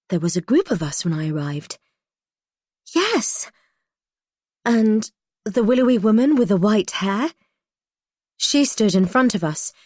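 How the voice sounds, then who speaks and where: A woman narrates a thriller as an anxious, inward monologue. Her voice is slightly low and the recording is close and dry. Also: darkish tone, husky, dry recording. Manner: introspective, anxious inner monologue. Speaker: audiobook narrator. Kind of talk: first-person thriller narration.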